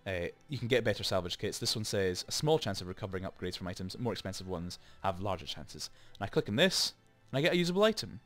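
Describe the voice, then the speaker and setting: A man's voice: low voice, animated, fast, few pauses, fairly bright tone, soft background music. A man hosting a let's play, chatting and rambling through explanations with lots of asides, into a desk microphone. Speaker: gaming channel host.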